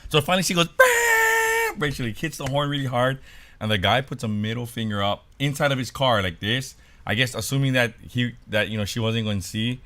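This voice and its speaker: A man's voice: medium pitch, quick pace, a bit bright. A man from Hawaii co-hosting a podcast, telling a funny story in casual chat and laughing along as he goes. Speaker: podcast co-host.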